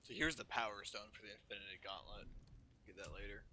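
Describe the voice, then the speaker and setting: Bright-voiced enthusiastic gaming commentator man. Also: on the low side, brisk, slight background noise. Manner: enthusiastic, rambling, excited about the story. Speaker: gameplay streamer. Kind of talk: gameplay commentary. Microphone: streaming microphone.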